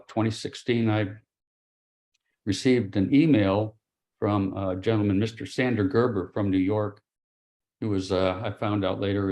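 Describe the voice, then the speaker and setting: A middle-aged man, an interview guest, giving a grave personal account in a halting way, with pauses and restarts. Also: on the low side. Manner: quiet and grave. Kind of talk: personal testimony.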